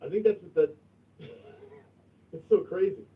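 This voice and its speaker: A man hosting a livestream in casual chat, crude and profane, going from mumbling to loud outbursts. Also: high voice, animated, measured pace, far from the mic. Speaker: livestream host. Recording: tinny phone-like sound from off mic.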